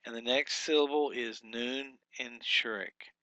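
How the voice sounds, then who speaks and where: Slow, deliberate man teaching. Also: medium pitch, fairly even intonation, bright, forceful tone, no echo. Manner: slow and deliberate, with frequent fillers and repetitions. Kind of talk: workbook walkthrough lesson.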